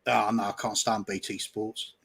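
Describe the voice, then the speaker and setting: A man's voice: fairly low pitch, flat delivery, normal speed, gravelly, fairly bright tone, husky. Frank man analysing a football match. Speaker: guest fan on a watch-along stream. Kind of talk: casual football chat over a call.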